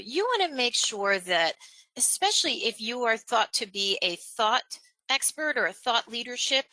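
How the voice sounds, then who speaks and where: A woman presenting a live webinar on speaking skills, animated and chatty, acting out examples. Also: no echo, low-quality recording. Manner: animated, acts out examples in a higher voice, laughs between points. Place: online webinar, home or office.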